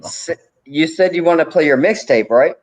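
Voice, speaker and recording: A man's voice: on the high side, normal speed. A man co-hosting a livestream, teasing a caller in dry casual chat. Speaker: livestream co-host. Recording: dull lo-fi audio.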